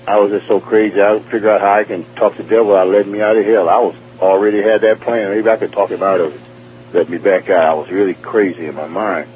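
Brief: New York man, low voice, rambling church testimony full of acted-out dialogue, tinny phone-like radio sound. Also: little pitch movement, quick pace, a little hiss or hum. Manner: rambling, repetitive, acts out dialogue. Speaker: testimony speaker. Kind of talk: personal testimony storytelling.

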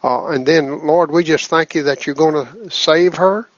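A man's voice: a little high, unhurried, dry recording, muffled recording. A man leading spoken prayer on a phone conference call, earnest and repetitive, returning to "Lord" between phrases. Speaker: prayer line leader.

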